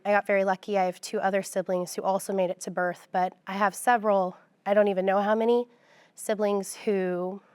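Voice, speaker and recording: A young woman guest recounts her story with composure. Her voice is smooth and clear, and it sits close and dry with no room sound. She keeps an even, measured tone. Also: medium pitch, no echo. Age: young adult. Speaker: guest, pro-life advocate. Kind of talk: personal testimony in a sit-down conversation.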